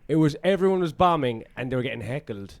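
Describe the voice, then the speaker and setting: A young man, a stand-up comedian, trading quick jokey banter in a casual podcast chat. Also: medium pitch, expressive, creaky, no echo. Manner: quick banter, laughs often.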